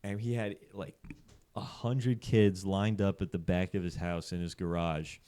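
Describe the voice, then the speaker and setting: Low-voiced young man telling stories. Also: level tone, measured pace, dark tone, clear, resonant tone. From central Pennsylvania. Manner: loose, profane, filler-heavy storytelling. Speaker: podcast guest. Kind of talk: casual storytelling.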